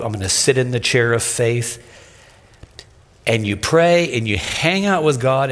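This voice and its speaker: A man preaching a sermon as pastor, with emphatic pauses and drops to a soft voice. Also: medium pitch, big-room sound. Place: church sanctuary.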